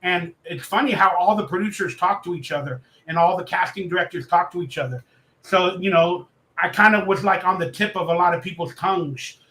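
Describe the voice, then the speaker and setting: Excitable male interview guest with a bright, high voice; roomy sound. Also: fairly quick. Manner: excitable, acts out quoted voices. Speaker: actor guest. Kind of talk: animated storytelling in a live interview.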